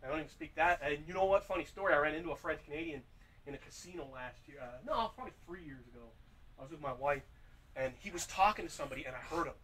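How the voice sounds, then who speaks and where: A man's voice: fairly high pitch, very fast, sharp tone, recorded from a distance, slight background noise, rough recording. A man swapping profane, joking stories in a casual chat. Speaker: beer vlogger.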